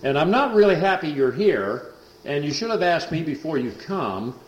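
A man's voice: a little high, very animated, moderate pace, a little hiss or hum, voice pushed up. A man voicing a hostile, demon-possessed man in his thirties, who snaps back defiantly in a raised voice. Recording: echoey dull lo-fi recording.

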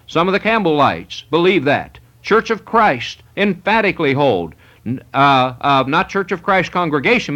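Male preacher, emphatic and repetitive, slightly higher voice, dull lo-fi tape. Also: fairly bright tone. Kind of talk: sermon. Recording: muffled lo-fi recording.

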